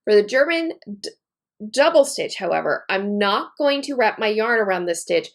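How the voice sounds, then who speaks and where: A woman's voice: medium pitch, animated, normal speed. A woman teaching a knitting technique step by step, talking while she works and repeating key points methodically. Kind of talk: step-by-step tutorial demonstration.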